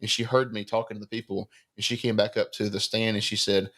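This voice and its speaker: A man, co-hosting a podcast and telling an animated story, acting out the other people's lines. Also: on the low side, fast. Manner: animated anecdotal storyteller, acts out dialogue. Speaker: podcast co-host. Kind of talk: casual storytelling chat.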